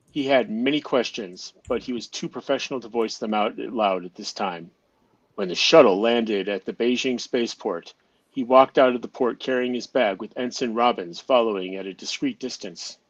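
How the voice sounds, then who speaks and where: A man narrating an amateur audio drama in a steady reading voice, now and then stumbling and restarting a phrase. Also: mid-range voice, no echo, dull audio.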